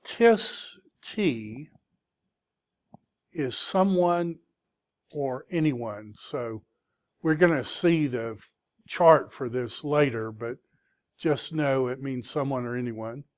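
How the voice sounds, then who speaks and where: Slow-paced man teaching Greek vocabulary. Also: medium pitch. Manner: patient, checks in with students. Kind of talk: classroom lecture.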